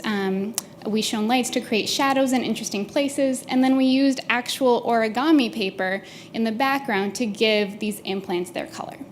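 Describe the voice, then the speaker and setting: A woman giving a short, measured talk about photographing research implants. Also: a little high. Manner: measured, with pauses and fillers. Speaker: presenter, photographer. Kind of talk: short talk at an exhibit opening. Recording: faint background noise of a room.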